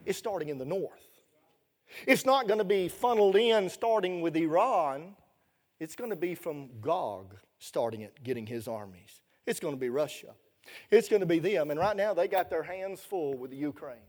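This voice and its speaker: A middle-aged man preaching a sermon as an evangelist, folksy and colloquial, his voice rising loud and then dropping low. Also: animated, normal speed.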